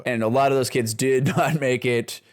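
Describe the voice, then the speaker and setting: A man's voice: mid-range voice, fairly even intonation, normal speed. Rambling, profane male podcast co-host. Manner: rambling, profane, laughs often, many fillers and restarts. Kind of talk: casual comedic podcast chat.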